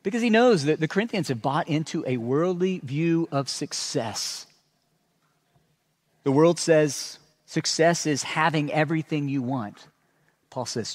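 Animated male pastor preaching. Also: on the high side, measured pace, long pauses, breathy edge. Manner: animated storytelling with sarcastic asides. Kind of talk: sermon.

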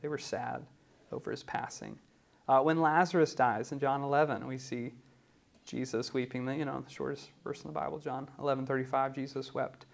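A man preaching in a conversational teaching style, often pausing with "um" and asking "right?". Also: mid-range voice, steady tone, creaky. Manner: conversational, many ums and rhetorical "right?". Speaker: pastor teaching a class. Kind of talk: teaching sermon.

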